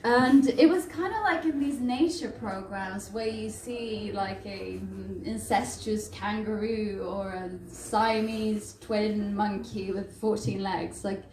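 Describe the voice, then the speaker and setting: A woman from Latvia performing a stand-up set on a comedy bar stage, self-mocking and animated, with sudden loud bursts. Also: medium pitch, slow pace, few pauses, a little hiss or hum. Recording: roomy live venue, faint crowd.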